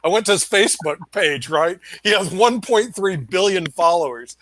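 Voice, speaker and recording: A man's voice: sits high, animated, normal speed, a bit bright. A man hosting a live online show, chatting casually and joking, with laughs between his lines. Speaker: show host. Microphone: live stream video call.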